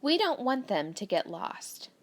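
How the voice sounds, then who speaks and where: A woman's voice: fairly high pitch, sing-song, a little slow. A woman teacher patiently talking young students through a grammar worksheet, reading the sentences aloud and explaining each step. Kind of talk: recorded grammar lesson for children.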